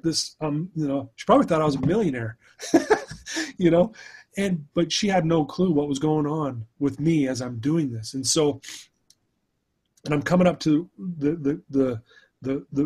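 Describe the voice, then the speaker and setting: A man's voice: on the high side, darkish tone, slightly rough. A middle-aged man, a podcast guest, telling a personal story in an earnest, emotional way, often restarting his sentences.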